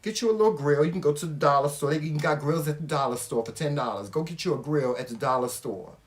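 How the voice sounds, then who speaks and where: A Southern man talks in a slightly high voice, chatting casually with his viewers. He is animated and emphatic, and he swears freely as he goes. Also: fast talker. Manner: animated, emphatic and profane, addressing viewers directly. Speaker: vlog host. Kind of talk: casual couple chat.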